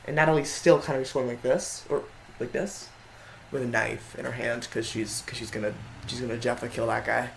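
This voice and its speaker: A man's voice: mid-range voice, fairly even intonation, a little fast, gravelly, slight background noise, poor audio. A man giving casual tier-list commentary in a rambling way, often stopping to correct himself. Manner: rambling, frequent self-corrections. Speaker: video creator.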